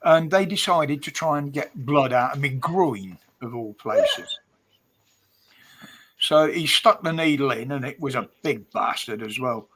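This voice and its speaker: A man's voice: medium pitch, expressive, measured pace, a bit bright. A man chatting casually on a livestream, blunt and swearing freely, laughing often. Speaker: livestream host. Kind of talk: casual chat.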